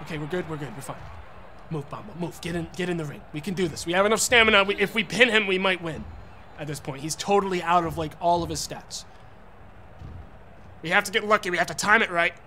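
A young man streaming a wrestling game, frustrated and profane, yelling at the referee between muttered plans. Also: high-pitched, quick pace, a little hiss or hum. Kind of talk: gaming commentary.

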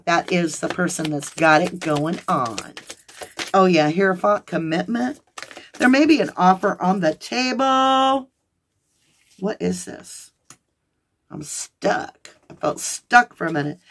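Gushing woman reading tarot cards. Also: fairly low pitch. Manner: excitable, gushing, talks to the viewers directly. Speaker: tarot reader. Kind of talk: tarot card reading for viewers.

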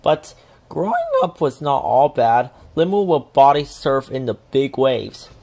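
Guy reading a kids book out loud, super slow and careful, mid pitch. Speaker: children's book reader. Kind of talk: storybook read-aloud.

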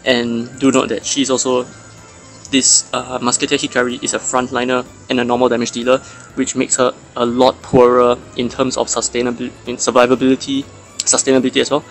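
A man hosting a mobile game channel, chatting casually and analytically about characters and stats, with fillers and restarts. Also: medium pitch.

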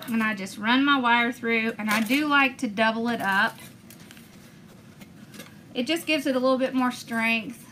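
Upbeat crafty lady narrating her steps, bright voice, bit of faint room hum. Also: fairly high pitch, measured pace, pauses often. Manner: chatty, enthusiastic, talks viewers through each step. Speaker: craft video host. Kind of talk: casual crafting demonstration.

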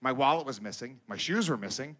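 A male stand-up comedian working a live set. His delivery is crude and animated, and his pitch swings widely as he jumps into shouted impressions. It is a mid-pitched voice with a loose, storytelling rhythm. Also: a little fast. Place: comedy stage before a live audience.

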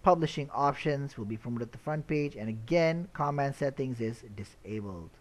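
A man explaining website setup step by step in a screen-recorded tutorial, relaxed, with frequent "uh" and "all right?" checks. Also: mid-range voice, moderate pace. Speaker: web tutorial instructor.

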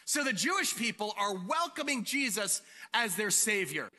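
A male pastor preaching an animated sermon to his congregation, asking them questions and acting out the scene. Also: high-pitched, moderate pace, long reverb tail. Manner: animated, asks the congregation questions and acts out quotes. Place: church sanctuary.

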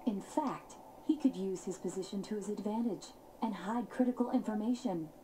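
An actress voicing a calm, analytical teenage detective in a video game, measured and precise, with game music behind her. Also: mid-range voice, a little hiss or hum, lightly acted, poor audio.

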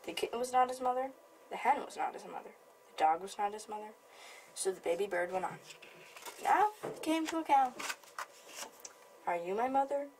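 A woman librarian reading a picture book aloud in plain, steady storybook narration. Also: medium pitch, fairly quick, long pauses, a little hiss or hum.

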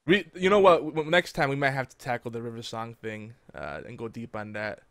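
A man hosting a casual podcast chat, talking in quick animated bursts and laughing often. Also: medium pitch, no room sound, clean studio sound. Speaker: podcast host.

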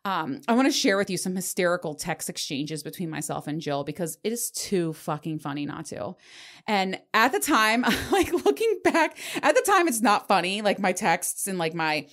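A woman's voice: lowish voice, expressive, normal speed, a bit bright. A woman around forty hosting a podcast, telling a story in casual chat, candid, swearing freely and laughing as she goes. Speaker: podcast host.

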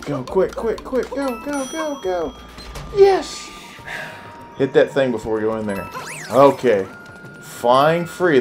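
Game music plays behind a man with a medium-pitched voice as he plays a video game with his child. He chats casually and cheers excitedly, urging his kid on with rapid repeated encouragement.

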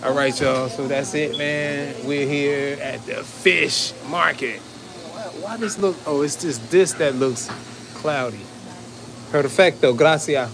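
A man's voice: on the high side, slow pace. A man talking casually to his viewers while he films a food vlog at a fish market and by his truck. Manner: chatty, keeps addressing viewers as y'all. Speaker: food vlogger. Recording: loud background street and vehicle noise.

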